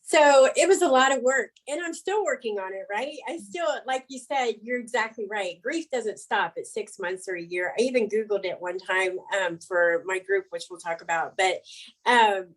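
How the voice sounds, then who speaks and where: A middle-aged woman, an interview guest, telling her story candidly, frank and animated, laughing between words. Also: medium pitch, moderate pace, low-quality recording.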